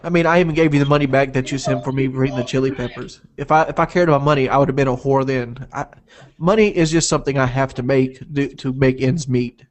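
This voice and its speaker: Man, blunt, defensive, heated live chat, middle pitch. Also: steady tone, quick pace. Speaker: online streamer.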